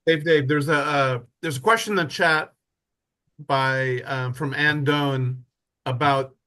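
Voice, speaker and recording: A man's voice: mid-range voice, fairly even intonation, slow, sharp tone. A man moderating an online workshop, introducing speakers casually over a video call.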